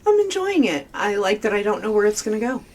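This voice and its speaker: A woman's voice: mid-range voice, very animated, quick pace. A woman co-hosting a casual podcast, chiming in with short agreements and remarks. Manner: chimes in with short agreements and echoes. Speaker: podcast co-host.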